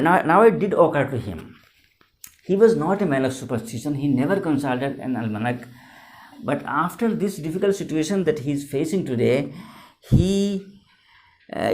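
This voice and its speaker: A man's voice: fairly high pitch, animated, normal speed, pauses often. A man, teaching a story line by line as a teacher, repeating and rephrasing words with many fillers. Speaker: English teacher. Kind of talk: classroom lecture explaining a story.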